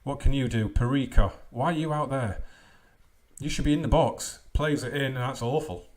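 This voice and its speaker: A young man hosting a let's play, commentating a football management game with mumbled asides and sudden loud outbursts. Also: medium pitch, normal speed. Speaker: gaming channel host.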